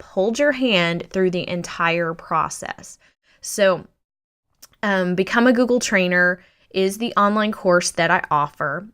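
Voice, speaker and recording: Clear-voiced woman pitching a course. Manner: upbeat, persuasive, speaking to the viewer directly. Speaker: digital learning coach and trainer. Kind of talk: promotional course presentation.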